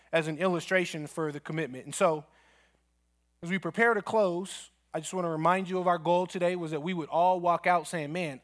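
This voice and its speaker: A man's voice: sits high, a bit bright. A man preaching a sermon as pastor in a church, telling stories and leading a prayer. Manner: storytelling with acted quotes, ends in prayer.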